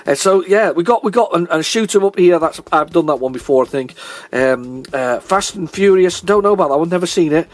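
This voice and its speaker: A man's voice: a little high, lively intonation, fairly quick, dry recording. A man hosting a retro gaming video, rambling chattily with many fillers and restarts as he shows old game tapes. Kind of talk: casual chat while showing old game tapes.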